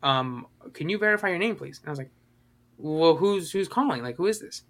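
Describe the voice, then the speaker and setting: A man's voice: on the high side, animated, a little fast, a bit bright. A man co-hosting a podcast, rambling through a story with lots of fillers and acted-out quotes. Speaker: podcast co-host. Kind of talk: casual podcast chat.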